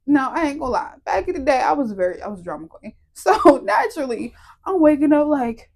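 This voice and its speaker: A woman's voice: high voice, brisk. A woman giving a personal testimony on a podcast, telling it vividly, acting out the voices of others and laughing through painful memories. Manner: animated, emotional storytelling that acts out quoted voices. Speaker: guest telling her testimony.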